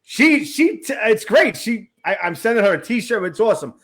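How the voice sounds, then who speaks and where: Brash high-voiced Queens New York man. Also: normal speed. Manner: brash, excitable, swears freely. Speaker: podcast host. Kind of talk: casual rock interview chat.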